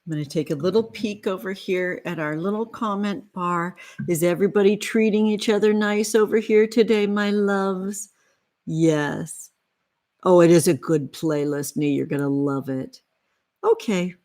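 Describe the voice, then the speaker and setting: A woman's voice: lowish voice, measured pace, a little mellow. Female tarot reader and livestream host, chatty and affectionate with her viewers. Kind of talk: casual livestream tarot reading.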